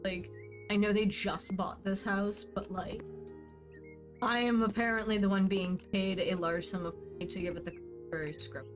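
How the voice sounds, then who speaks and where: A woman's voice: mid-range voice, steady tone, moderate pace, over music. A woman casually chatting while streaming a game, rambling and answering her chat as she plays.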